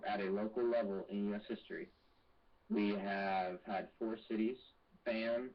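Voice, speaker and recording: A young man with a lowish voice speaks as an interview guest, earnest and intense as he tells his story. He sounds distant from the mic, and the Skype audio is dull. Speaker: guest, activist. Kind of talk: interview over a call. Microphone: Skype call.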